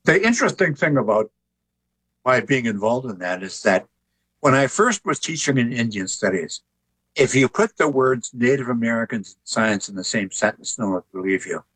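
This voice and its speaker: Husky older man telling stories. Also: mid-range voice, normal speed, rough recording. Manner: relaxed storyteller who jokes. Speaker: author and artist, interview guest. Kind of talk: conversational interview storytelling.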